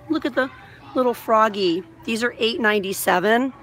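This is a woman in her thirties vlogging live from inside a large store, recorded on a phone held on a vlogging mount. She talks in a bubbly, gushing, chatty way and sits at a middle pitch. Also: normal speed, a bit bright. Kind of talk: live shop-with-me vlog.

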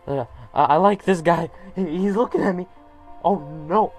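A man giving casual reaction commentary on an animated short, emotional and gushing, laughing often. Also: sits high, moderate pace, soft background music.

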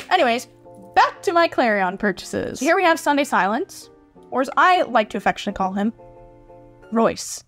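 A woman's voice: fairly high pitch, big pitch swings, moderate pace, fairly bright tone. Gushing young woman in a casual vlog. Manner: gushing, playful and chatty. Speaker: model horse collector vlogger. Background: faint background music.

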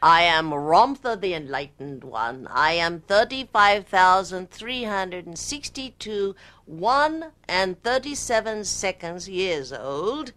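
A woman putting on an ancient, solemn male warrior spirit, speaking slowly and archaically in a put-on British accent. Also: fairly low pitch, lively intonation, sharp tone, full character voice. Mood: grand. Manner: slow, archaic, declaiming. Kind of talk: trance channeling performance.

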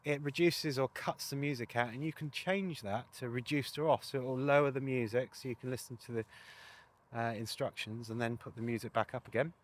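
A man's voice: mid-range voice, fairly quick. A man presenting a casual walkthrough of a motorcycle sat nav, chatty with wry asides.

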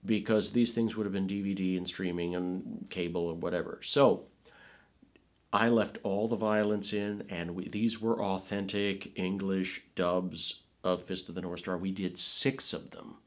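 A middle-aged man in a casual interview, animatedly recalling his film work, his voice trailing off softly at the ends of phrases. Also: sits low, steady tone, measured pace. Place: Woodland Hills, California.

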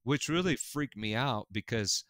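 Pastor guy, low bright crisp voice, chatty and animated, dry close sound. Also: a little slow, no room sound. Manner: animated, earnest, laughs often. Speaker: pastor and guest. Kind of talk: casual conversational storytelling.

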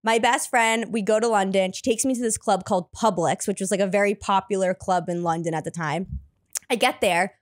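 A woman's voice: medium pitch, fairly even intonation, a little fast. A woman in her thirties, a comedian guest on a podcast, telling rambling stories full of "like". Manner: rambling storyteller, lots of "like". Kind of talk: casual podcast chat.

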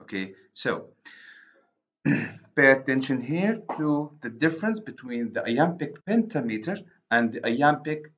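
A man with an Arabic accent, a native Arabic speaker, giving a university literature lecture, deliberate and repeating and rephrasing his points. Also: mid-range voice, fairly bright tone. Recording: dull lo-fi recording.

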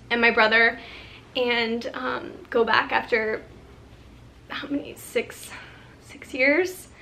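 Brief: young woman vlogger, bright voice, slow halting talk, near tears. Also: on the high side. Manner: halting, tearful, many restarts and ums. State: on the verge of tears. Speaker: lifestyle vlogger. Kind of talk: emotional unscripted vlog talk.

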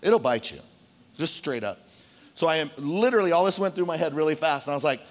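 A man preaching a sermon to his congregation as pastor, telling a story in an animated way and speaking straight to the room. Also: on the high side, fast. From Arizona, United States. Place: church hall.

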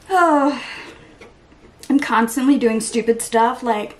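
A young woman chatting through her makeup routine in a get-ready-with-me vlog at home, rambling, excitable and laughing at herself. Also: medium pitch, a little slow, pauses often, slight background noise. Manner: rambling and self-mocking, laughs often; excitable, hyper. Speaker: beauty vlogger.

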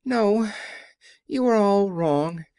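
A man's voice: sits high, lively intonation, drawn-out words, darkish tone, clear, resonant tone, no echo, studio quality, voice pushed up, exaggerated voice. A man doing a meek trembling little old humbug. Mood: meek pleading. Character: timid little old man, a fake wizard, meek and pleading.

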